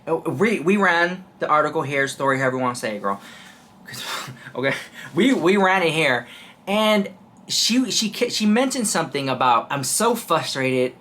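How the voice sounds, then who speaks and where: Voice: mid-range voice, animated, normal speed, fairly bright tone. A host chatting casually through gossip commentary, talking straight to viewers and calling them "girl" again and again.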